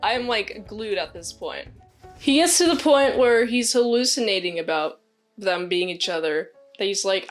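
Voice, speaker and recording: Woman, casual movie reviewer, slightly raised pitch, chatty and rambling; faint music bed. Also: animated, moderate pace. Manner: rambling, many "like"s, acts out quotes.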